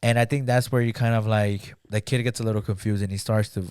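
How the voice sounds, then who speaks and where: A man's voice: on the low side, fairly even intonation, fast talker, darkish tone, clean tone, no echo, clean studio sound. A man in a casual podcast chat retelling a film plot, rambling with lots of "like" and acting out the characters' lines. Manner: rambling, heavy use of "like", acts out quotes. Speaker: podcast guest.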